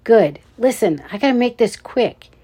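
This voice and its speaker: A woman's voice: animated, moderate pace, slightly rough. A woman doing a hulking, throaty guard. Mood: urgent. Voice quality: deep, throaty. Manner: urgent, hushed warnings. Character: huge gruff male security guard.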